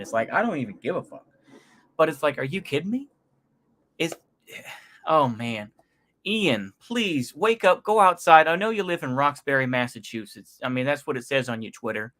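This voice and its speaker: A man's voice: fairly high pitch, fairly bright tone. A man giving casual reaction commentary, rambling and slangy, with frequent sighs and chuckles. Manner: slangy, sighing, laughing to himself. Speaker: YouTube commentator.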